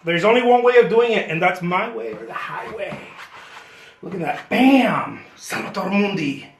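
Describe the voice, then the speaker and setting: A man's voice: sits high, expressive, moderate pace, reverberant. A man painting live for his viewers, chatting casually and joking about himself with playful boasts, and thanking viewers by name. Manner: playful, self-mocking boasts. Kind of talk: casual live-stream chat while painting.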